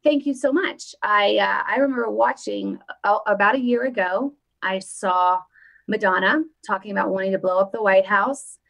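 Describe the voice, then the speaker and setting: A woman's voice: mid-range voice, normal speed, vocal fry, fairly bright tone, low-quality recording. A woman hosting her own live political show, chatting casually and upbeat straight to her viewers from her desk. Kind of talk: casual live-stream chat.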